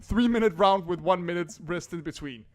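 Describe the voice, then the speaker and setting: A man voicing a brash, drunk middle-aged film buff who rants loudly with a slurred voice. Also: sits high, moderate pace, natural voice. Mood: mock-official. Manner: slurring drunk voice, loud and ranting.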